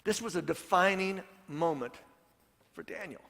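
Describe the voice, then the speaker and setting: A man with a high, bright voice preaches a sermon, telling the story and circling back to repeat his main points. His words ring out with a long reverb through a church hall. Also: normal speed, creaky. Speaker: pastor.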